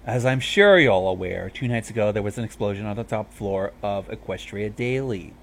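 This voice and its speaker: A man's voice: fairly low pitch, animated, a little fast, creaky. Luna, a man doing a regal princess mare. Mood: commanding. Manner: formal, commanding.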